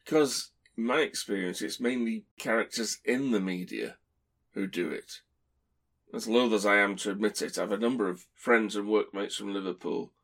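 A man's voice: on the low side, normal speed, a bit bright. A man co-hosting a podcast, talking in a dry, wry, opinionated way. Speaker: podcast co-host. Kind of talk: casual podcast discussion.

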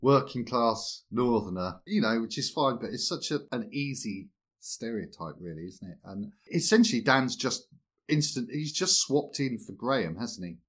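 A man co-hosting a casual podcast chat. He speaks hesitantly and often restarts his sentences. His voice sits at a middle pitch. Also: lively intonation, moderate pace, fairly bright tone. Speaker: podcast co-host.

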